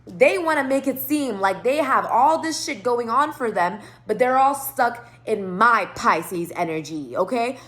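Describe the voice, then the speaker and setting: A woman's voice: fairly high pitch, expressive, unhurried, hardly any pauses, fairly bright tone. A woman telling a rambling story in a casual monologue, swearing a lot and stressing her words. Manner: profane, rambling, emphatic. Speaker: tarot reader.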